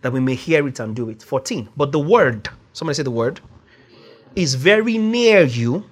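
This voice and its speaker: A man's voice: mid-range voice, fast talker, slightly rough. A man preaching a sermon, stressing key words by drawing them out and rising to exclamations.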